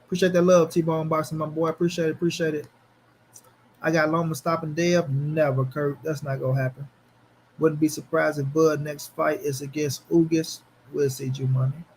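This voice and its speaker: A man hosting a casual boxing livestream, speaking in an animated, slangy way as he answers his chat. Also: a little high, normal speed, slight background noise. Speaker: boxing commentary channel host.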